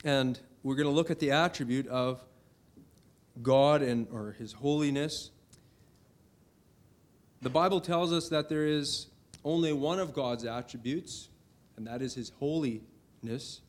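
Earnest man preaching a sermon. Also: medium pitch. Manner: earnest preaching, rising to emphatic declarations on scripture.

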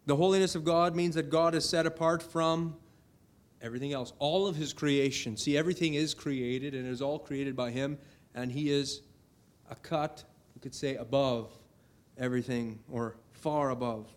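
Middle-aged male preacher, fairly high voice, earnest sermon delivery with emphatic swells. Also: steady tone, moderate pace. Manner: earnest preaching, rising to emphatic declarations on scripture.

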